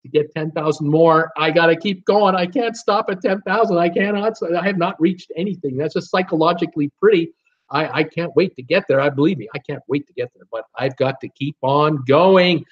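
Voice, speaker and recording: A man's voice: on the high side, fairly quick. A middle-aged man hosting a live cruise show, chatting casually and reading viewer comments aloud with a jokey, laughing manner. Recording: dull lo-fi stream audio.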